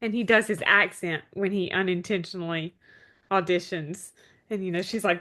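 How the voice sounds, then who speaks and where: A woman's voice: on the low side, steady tone, normal speed, bright, forceful tone. A woman co-hosting a podcast, walking through TV scenes one by one in a casual recap, often saying yeah. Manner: recaps scenes step by step, frequent yeahs. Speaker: podcast co-host.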